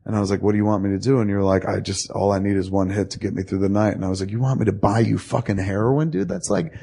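A man telling a long story to a friend in casual talk, profane and animated, acting out both sides of the dialogue. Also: lowish voice, rapid-fire, gravelly.

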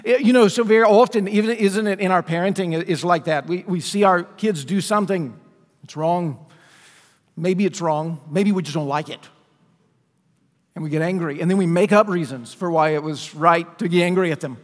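A man with a high voice preaches to his congregation in a relaxed, conversational way. He keeps asking questions of his listeners. His voice rings out with a long reverb from the church around him. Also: moderate pace. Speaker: pastor. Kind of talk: sermon. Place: church sanctuary.

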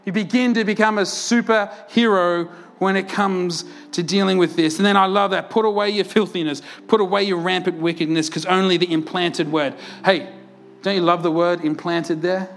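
A man with a high voice preaches to his congregation in a lively, animated way. He fires off rhetorical questions and laughs often between his points. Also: moderate pace, gravelly, faint music behind. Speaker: pastor. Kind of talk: sermon. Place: church.

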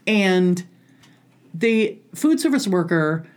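A woman's voice: lowish voice, big pitch swings, slow, a crowd in the background. A woman co-hosting a casual podcast, jokey and a little tongue-tied as she tells a story. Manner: jokey, stumbles over words. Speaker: podcast co-host. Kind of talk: casual chat.

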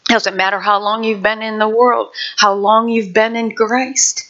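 A woman's voice: on the high side, little pitch movement, moderate pace, a bit bright, highs cut off. A woman pastor preaching a fervent sermon, moving from prayer to acting out voices.

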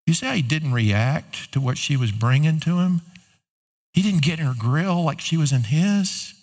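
Pastor, middle-aged man, mid-pitched voice, chatty sermon delivery with punchy rhetorical questions. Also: moderate pace, a little mellow. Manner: conversational preaching with rising emphatic questions.

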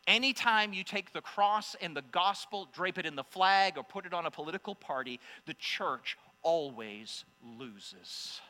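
A man preaching a sermon to a congregation, impassioned, swinging between loud exclamations and hushed asides. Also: high-pitched, a little fast, hardly any pauses. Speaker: pastor. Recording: long hall reverb with mains hum.

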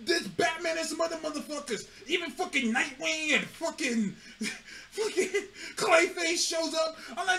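A man co-hosting a laid-back podcast speaks at normal speed in a very high, creaky voice, with a little hiss or hum in the recording. He tells animated stories, laughing often and swearing freely.

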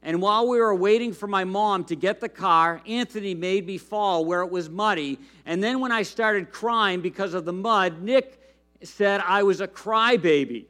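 A man's voice: sits high, normal speed, sharp tone. A man reading a storybook aloud in the voice of a whiny, grumpy little boy who feels sorry for himself. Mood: aggrieved.

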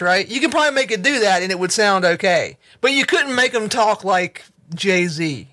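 A man with a high, bright, sharp voice in casual podcast chat. He halts, stammers and gropes for the right word as he makes his point. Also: expressive. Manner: halting, stammering, searching for words.

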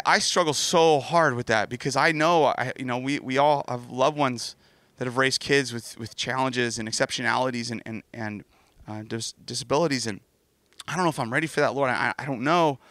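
Middle-aged male pastor, bright voice, dry close sound, candid storytelling sermon. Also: medium pitch, no room sound. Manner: earnest, candid, storytelling with self-deprecating asides.

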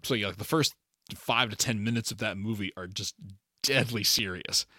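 A man's voice: lowish voice, moderate pace, sharp tone, dry recording, studio quality. A man co-hosting a podcast in casual chat, often repeating words and restarting his sentences. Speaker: podcast co-host.

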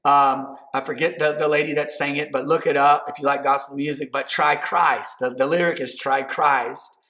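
A man's voice: a little high, steady tone, moderate pace, sharp tone. A man preaching a sermon to his congregation, chatting casually and then building into emphatic, repeated phrases. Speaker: pastor.

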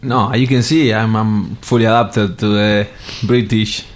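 Deep-voiced man, halting English. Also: steady tone. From Argentina. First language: Spanish. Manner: halting, non-native English grammar. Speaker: guest footballer. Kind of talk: casual interview chat.

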